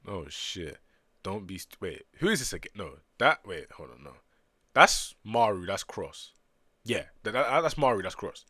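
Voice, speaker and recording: Man, deep voice, lively pitch, dry close mic, reads comic lines aloud with quick reactions. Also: no room sound. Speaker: streamer reading manga aloud. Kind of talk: casual reading stream.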